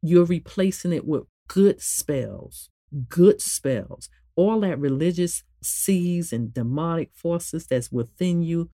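A woman meditation therapist giving a spoken motivational talk in a conversational way, repeating phrases and swinging from low to high emphasis. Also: expressive, a little slow, dark tone, no room sound, studio quality.

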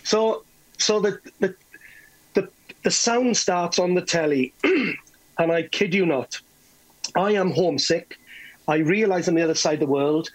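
Husky West Welsh man telling a story. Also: high-pitched, measured pace, pauses often, rough recording. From Wales. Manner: animated, stammering restarts, chuckling. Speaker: guest telling stories. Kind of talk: anecdotal storytelling.

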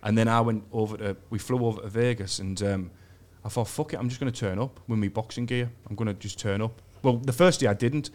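Man, fast talker, crude and sweary storyteller, acts out the voices of people in his tale, podcast guest. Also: lowish voice, steady tone, darkish tone. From England. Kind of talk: storytelling in casual chat. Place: podcast studio.

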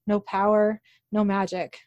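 A woman voicing a cold, menacing fallen angel man in a read-aloud recap, reading the lines flatly. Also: mid-range voice, a little slow, no room sound, highs cut off, close to an everyday voice.

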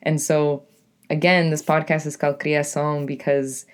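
A young woman with a deep, raspy voice and a New England accent, hosting her own podcast as a poet in a rambling, casual monologue full of "like" and "you know". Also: level tone, moderate pace. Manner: rambling, lots of "like" and "you know", self-correcting.

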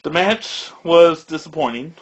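A man's voice: on the high side, slow, breathy edge, rough recording. A man co-hosting a podcast in easygoing casual chat, who often laughs along. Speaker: podcast co-host.

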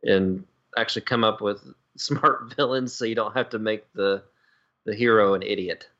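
Opinionated male co-host, bright lo-fi sound. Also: on the low side. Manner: quick, laughs often, opinionated. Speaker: podcast co-host. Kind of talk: casual chat. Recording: slightly dull, lo-fi sound.

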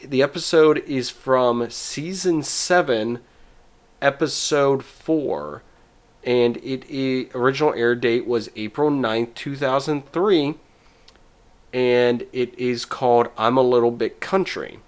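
A man's voice: mid-range voice, slow pace. A man in casual chat, rambling through an episode recap with restarts and quoted bits.

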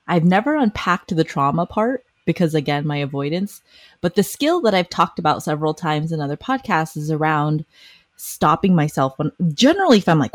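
A woman's voice: sits low, lively intonation, brisk, no echo. A woman hosting a casual podcast conversation, talking animatedly and acting out quoted lines in other voices. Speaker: podcast host.

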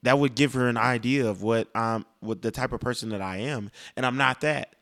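A man's voice: mid-range voice, fairly quick, a bit bright. A young man giving a casual, blunt and profane rant about music, rambling with restarts. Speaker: music commentator.

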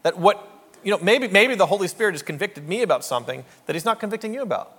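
Brief: male pastor, slightly high voice, wry and chatty, big reverberant church sound. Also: expressive, quick pace, a bit bright, husky. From Canada. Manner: joking, conversational, rhetorical asides. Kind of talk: sermon.

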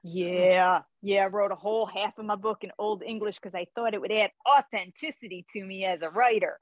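A woman's voice: mid-range voice, fairly quick, dull audio. A woman author chatting casually, telling a story about herself and acting out the dialogue. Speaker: author guest. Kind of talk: casual chat.

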